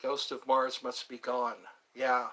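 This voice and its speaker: A man's voice: medium pitch, completely flat delivery, takes it slowly, sharp tone, soft background music. A middle-aged man hosting a rambling live chat, joking around and putting on mock voices. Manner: joking, sings lines, mock accents. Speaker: livestream host.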